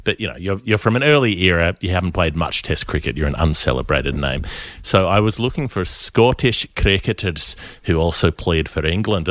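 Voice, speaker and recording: Aussie guy rambling thru cricket stats, real low voice, dry close sound, laughs a lot. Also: animated, moderate pace, fairly bright tone, no echo. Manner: chatty, rambling, laughs often. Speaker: co-host, cricket stats presenter. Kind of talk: casual podcast chat.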